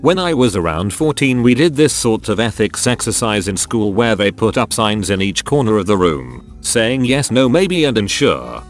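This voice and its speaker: A man narrating online posts aloud in a matter-of-fact storytelling delivery. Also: fairly low pitch.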